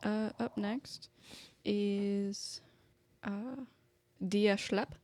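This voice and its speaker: A woman running a tabletop game as game master, describing characters in a relaxed, hesitant way. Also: medium pitch, drawn-out words. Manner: relaxed and hesitant, with many fillers.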